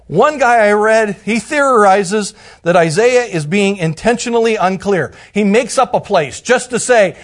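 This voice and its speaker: A man teaching through a Bible passage in a conversational way, sometimes dropping to a soft hush for emphasis. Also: high-pitched.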